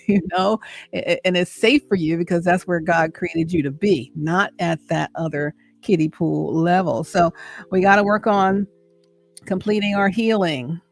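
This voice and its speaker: A woman's voice: on the low side, dry recording. A middle-aged woman giving an encouraging faith talk, repeating her points and checking in with "right?". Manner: preachy and encouraging, repeats phrases, asks "right?". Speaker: host and speaker. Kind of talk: inspirational faith talk to camera.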